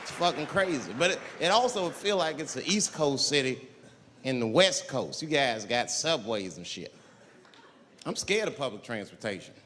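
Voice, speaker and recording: A man's voice: medium pitch, moderate pace, slight background noise. A male stand-up comedian telling a profane story to a large theater audience, acting out the voices. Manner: animated, profane, acts out voices. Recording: echoey hall with crowd laughter. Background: audience laughter.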